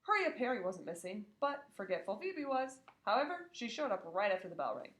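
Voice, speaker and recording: A woman reading a children's book aloud, expressive and acting out the characters. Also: medium pitch, brisk. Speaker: reader. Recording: echoey room.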